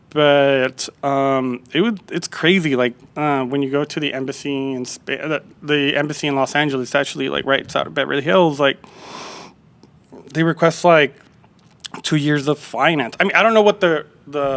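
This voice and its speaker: A man's voice: a little high, moderate pace, fairly bright tone. A man who is an executive chef, telling a long story in a casual interview, rambling and laid-back, with plenty of fillers and quoted dialogue. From Calexico and Mexicali area. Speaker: executive chef, podcast guest.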